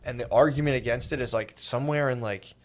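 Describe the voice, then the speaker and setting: A man's voice: mid-range voice, quick pace. Sarcastic podcast co-host man. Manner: sarcastic, mock-earnest riffing. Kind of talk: casual comedy podcast chat.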